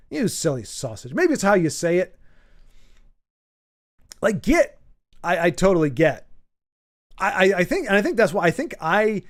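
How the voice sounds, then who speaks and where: A man hosting a casual stream, reading out chat and thinking aloud, rambling and often repeating words as he goes. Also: high-pitched. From United States. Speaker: livestream host reading chat.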